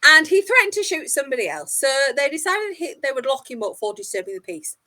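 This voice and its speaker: A woman's voice: high-pitched, big pitch swings, quick pace, bright, forceful tone. A woman tour guide telling a history story in a jokey, self-mocking casual chat, a little tipsy. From England.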